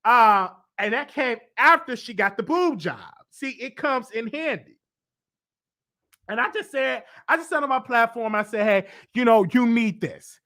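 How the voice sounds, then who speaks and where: A man hosting a celebrity gossip show, giving opinionated commentary in an animated way with sudden high swoops for emphasis, his voice a little congested. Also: measured pace. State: congested, stuffy voice.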